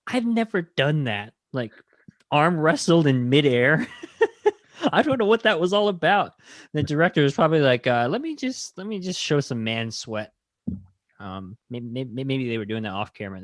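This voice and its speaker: A man's voice: medium pitch, no echo, clean studio sound. A man hosting a film podcast, recapping a movie in a rambling, enthusiastic way. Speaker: podcast host. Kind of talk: casual film review chat.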